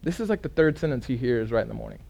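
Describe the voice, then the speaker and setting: A man, preaching a storytelling sermon, earnest and dramatic, dropping to a hush for emphasis. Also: mid-range voice, huge pitch swings, rapid-fire, creaky.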